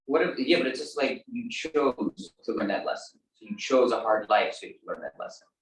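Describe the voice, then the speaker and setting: A man's voice: medium pitch, expressive, moderate pace, slight background noise. A man in the audience musing aloud as he offers his own idea. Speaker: audience member offering a view. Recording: echoey room, far from the mic.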